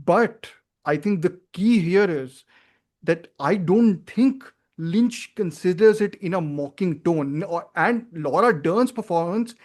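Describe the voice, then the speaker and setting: A man's voice: high voice, animated, takes it slowly, a little mellow. A man, hosting a casual film podcast, talking earnestly and working out his thoughts aloud with many fillers and restarts. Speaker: podcast host.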